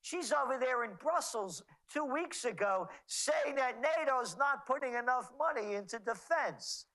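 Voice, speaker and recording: A man's voice: very high voice, lively intonation, a little slow, pushed and bright, low-quality recording. A man being interviewed as a trends forecaster, talking in a sarcastic, mocking way. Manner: sarcastic, mocking, rattling off names. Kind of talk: interview commentary.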